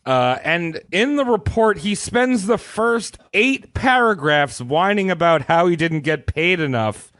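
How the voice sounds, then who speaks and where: A man's voice: high voice, animated, unhurried, hardly any pauses, fairly bright tone, no echo. A man casually retelling history on a comedy podcast, irreverent and profane, often slipping into voices for the people in the story. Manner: irreverent storytelling, puts on voices for historical figures, swears freely. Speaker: podcast co-host telling history.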